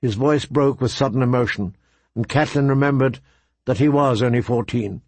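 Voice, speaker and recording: A man narrating a story in a measured, even audiobook reading. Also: mid-range voice, no room sound.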